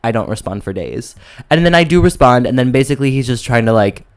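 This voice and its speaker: A man's voice: medium pitch, expressive, fast. A man co-hosting a podcast, telling a long story in a chatty, gossipy way, full of "like". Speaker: podcast co-host. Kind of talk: casual chat, storytelling.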